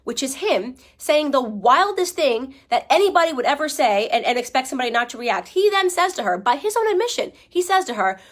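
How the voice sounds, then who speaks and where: A young woman talks straight at her audience, emphatic and argumentative. Her voice sits on the higher side, and she keeps pressing with "okay?" as she lays out her case. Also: sing-song, fairly quick, hardly any pauses. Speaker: commentator. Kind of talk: opinionated commentary.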